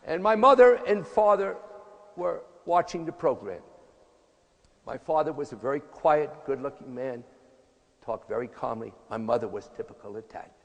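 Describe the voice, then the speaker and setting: A man's voice: medium pitch, animated, moderate pace, vocal fry. A man in his eighties giving a motivational speech in a punchy, emphatic, folksy way. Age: 80s. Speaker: motivational speaker, tennis coach. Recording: echoey hall reverb.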